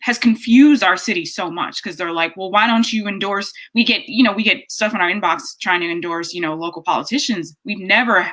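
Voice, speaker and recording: Bright, blunt woman activist. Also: medium pitch, a little fast. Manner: blunt, emphatic, rhetorical questions. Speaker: activist guest. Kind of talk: panel discussion.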